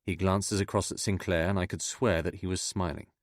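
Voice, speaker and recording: A man reads a spy novel in a measured, steady narration. His voice sits low, and the sound is close and dry with no room around it. The characters get only slight changes from his own voice. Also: dry recording. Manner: measured reading, voicing characters with little change. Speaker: audiobook narrator. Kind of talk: scripted audiobook narration.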